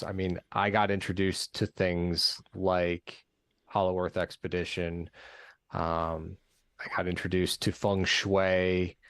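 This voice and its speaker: A man with a very low voice walks through details in a relaxed group chat. He rambles, restarts his sentences and keeps explaining. The sound is close and dry. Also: no room sound. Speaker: podcast regular.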